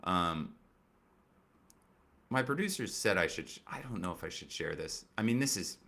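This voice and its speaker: A man with a low-sitting, bright and forceful voice hosts a casual political comedy commentary show, speaking animatedly at a moderate pace. He's sarcastic and rambling, swearing a lot and using many fillers and restarts.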